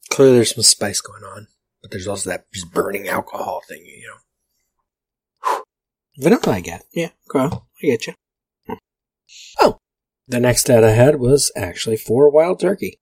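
A man's voice: mid-range voice, expressive, measured pace, long pauses, a little mellow, slightly rough, no echo. A man hosting a podcast, rambling through vintage liquor ads with wry, profane asides. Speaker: podcast host. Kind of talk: casual commentary reading vintage liquor ads.

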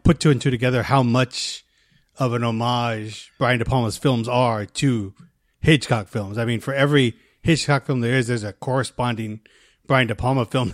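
A middle-aged man co-hosting a podcast, talking enthusiastically about films with many restarts and a voice that trails off softly. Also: medium pitch, no echo, clean studio sound. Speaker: podcast co-host. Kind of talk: casual movie chat.

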